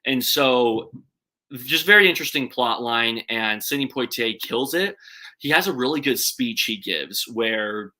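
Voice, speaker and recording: Bright-voiced man chatting about movies. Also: mid-range voice, unhurried. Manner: chatty, hesitant with frequent ums and restarts; excitable, words run together when excited. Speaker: movie channel host. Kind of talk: casual live-stream commentary.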